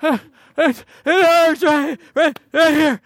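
Man putting on a small girl's voice, high and whiny, pleading. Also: steady tone, slow pace, a bit bright, dry recording, studio quality, exaggerated voice. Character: little girl complaining of a hurt leg.

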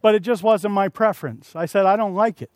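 A man delivers a sermon with a strikingly high-pitched voice. He tells stories and slips into acted-out quotes, sometimes shouting. The sound is dry and close. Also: brisk, no echo. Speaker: preacher.

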